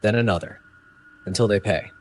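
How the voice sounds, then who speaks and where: A man's voice: fairly low pitch, fairly quick, darkish tone, close to an everyday voice. A man voicing a cold, scarred pirate leader who threatens in broken English. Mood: threatening.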